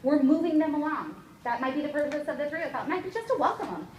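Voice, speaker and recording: A woman giving an energetic, emphatic motivational seminar talk as a sales trainer, constantly checking in with her listeners. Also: high voice, fast, a little hiss or hum. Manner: energetic, emphatic, keeps checking in with "okay?" and "guys". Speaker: network marketing trainer. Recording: echoey room, voice from far off, faint ambience.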